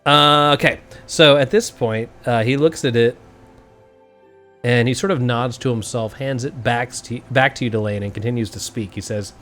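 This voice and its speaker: A man's voice: mid-range voice, moderate pace, fairly bright tone, soft background music. A man running a tabletop game as game master, narrating and laughing often.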